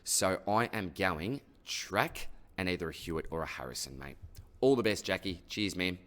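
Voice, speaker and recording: Answering fantasy sports questions from listeners, this Australian host has a deep voice and a relaxed, conversational style at a moderate pace. It's a casual mailbag Q&A, and he chats like he's with old friends, ending most lines with "mate" or "buddy."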